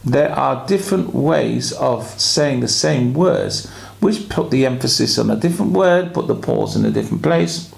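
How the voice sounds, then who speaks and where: A rabbi giving a weekly sermon, explaining his points in a measured way with drawn-out pauses. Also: mid-range voice, expressive, vocal fry.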